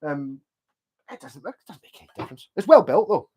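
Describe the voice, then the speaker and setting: Rambling Scottish man, slightly high voice. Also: very animated, a little fast, a little mellow, slightly rough. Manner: rambling, with frequent restarts and swearing. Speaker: livestream host. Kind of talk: casual livestream chat.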